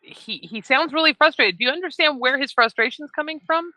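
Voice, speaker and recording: Calm woman mediating a stream call, bright, a little high, dry sound. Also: fairly quick, no echo, rough recording. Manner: calm, patient, coaxing. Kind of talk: live stream group call.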